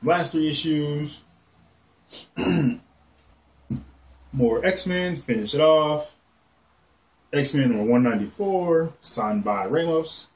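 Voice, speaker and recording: A man casually showing off his comic collection on camera, rambling excitedly and swearing casually as he goes. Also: on the high side, slow pace, long pauses. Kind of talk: casual show-and-tell.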